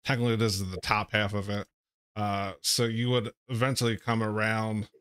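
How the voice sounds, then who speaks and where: A man running a tabletop game as game master, narrating in a halting way with many pauses and restarts. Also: lowish voice, little pitch movement, fairly bright tone, smooth, dry recording, studio quality. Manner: halting, full of uhs and restarts.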